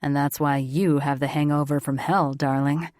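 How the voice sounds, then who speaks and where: A woman's voice: low-pitched, little pitch movement, normal speed, dry recording, clean studio sound, voice pushed down, close to an everyday voice. Woman doing a cocky, grinning young man. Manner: cocky, teasing, loud laugh.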